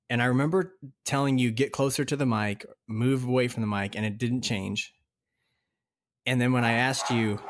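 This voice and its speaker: Laughing male podcast co-host. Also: mid-range voice. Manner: storytelling, laughs through his words. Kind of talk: casual podcast chat.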